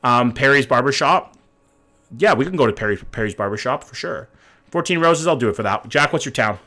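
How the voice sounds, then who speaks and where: A man's voice: mid-range voice, animated, fairly quick, sharp tone. A man, casually chatting and swearing as he reacts to viewers' hometowns live. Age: 30s. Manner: casual, profane, reads chat aloud. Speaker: live streamer. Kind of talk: live stream reaction chat.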